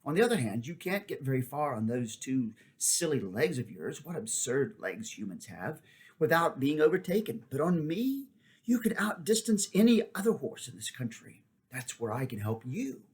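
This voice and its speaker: A proud talking war horse from a storybook, brisk and commanding, with a scornful edge, as a man reading the tale puts him on. His voice sits at an ordinary middle pitch for a man. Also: sing-song, lightly acted. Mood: persuasive. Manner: brisk, commanding, a little contemptuous. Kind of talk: audiobook character voice.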